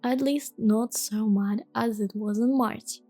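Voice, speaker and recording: A woman voicing a polite, curious and slightly timid young girl in a soft whispered role-play. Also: fairly high pitch, slow, dry recording, faint music behind.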